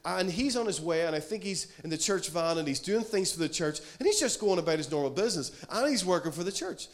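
A man's voice: sits high, expressive, fast. A man preaching a sermon from Ireland, earnest and storytelling, often acting out the voices in his stories. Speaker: pastor.

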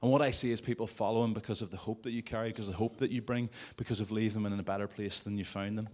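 Guy preaching at a church service, lowish voice, chatty with little jokes on the side. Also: fairly even intonation, racing, darkish tone. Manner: conversational, with jokey asides. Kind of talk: sermon. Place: church service before a congregation.

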